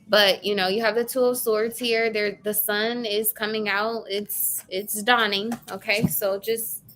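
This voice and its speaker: A woman's voice: mid-range voice, a bit bright, a little hiss or hum. A woman giving a casual live tarot reading, chatty and blunt, casually swearing and speaking to viewers by name. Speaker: tarot reader.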